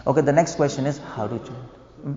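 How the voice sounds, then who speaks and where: Speaking fast in a dark-toned, mid-range voice, a preacher gives a devotional lecture in a temple hall, explaining points, asking rhetorical questions of his audience, and chuckling at his own jokes. The recording is dull, lo-fi, and echoey.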